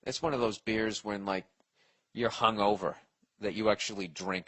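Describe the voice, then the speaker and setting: A man's voice: fairly low pitch, moderate pace, a bit bright, husky. A man hosting a comedy podcast, ranting in a profane, rambling and blunt way while giving advice. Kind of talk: casual comedic rant.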